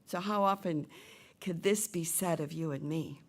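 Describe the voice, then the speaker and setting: A middle-aged woman minister preaching a sermon, retelling a play and voicing its characters with lively shifts. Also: low voice, normal speed. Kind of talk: sermon with storytelling.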